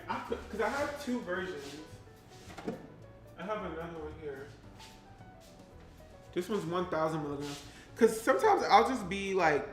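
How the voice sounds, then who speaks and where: This man's voice sits high, with a fairly bright tone. He's a New Jersey vlogger from Pleasantville, rambling chattily on a live stream as he bakes at home and slipping into bits of song. The room echoes noticeably.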